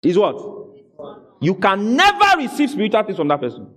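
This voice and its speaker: A man preaching a sermon as a pastor, acting out dialogue in an animated way. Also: high voice, a little fast.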